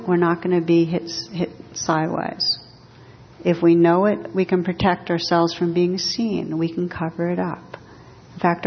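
A woman meditation teacher giving a dharma talk in a gentle, measured, reflective way. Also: lowish voice, slightly rough. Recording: dull recording in a reverberant hall.

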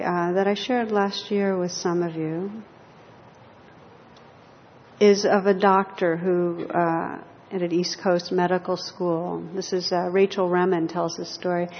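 Woman teaching meditation to a group, gentle and reflective, muffled recording in a big echoey hall. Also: fairly low pitch, slight background noise. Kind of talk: dharma talk to a group. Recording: lo-fi hall recording with long reverb.

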